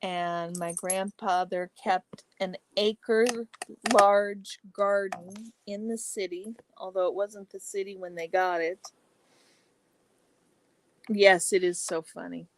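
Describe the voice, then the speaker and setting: A woman hosting a casual livestream chat, reading viewer comments aloud and answering each by name, chatty and exclamatory with soft asides. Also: medium pitch, steady tone, takes it slowly, a little hiss or hum. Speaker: livestream host.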